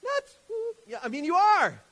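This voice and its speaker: A man's voice: extremely high pitch, wildly swooping pitch, unhurried, bright, forceful tone, long reverb tail, voice pushed up, heavily acted. A man voicing a group of indignant, scoffing male religious leaders, mocking and incredulous, within a sermon. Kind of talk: sermon with acted scripture dialogue.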